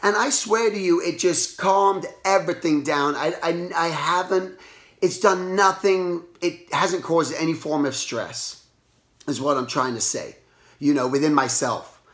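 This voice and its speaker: A hoarse man who has lost his voice, hosting a casual motivational talk and rambling with lots of restarts. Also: a little high, measured pace. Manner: rambling, animated, restarts often. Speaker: artist and show host. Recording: roomy echo.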